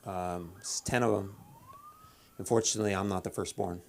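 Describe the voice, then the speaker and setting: Brief: low, gravelly-voiced male comic, deadpan, stop-start delivery on a club stage mic. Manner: deadpan, halting with many restarts and fillers. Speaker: stand-up comedian at open mic. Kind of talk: stand-up comedy set.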